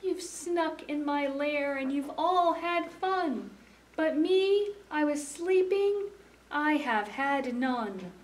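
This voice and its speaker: A woman voicing a grumpy male bear just woken from his sleep, talking loudly and whinily. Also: high voice, expressive, slow pace, a little hiss or hum, pitched above the performer's own voice. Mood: complaining. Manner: loud, whiny complaining.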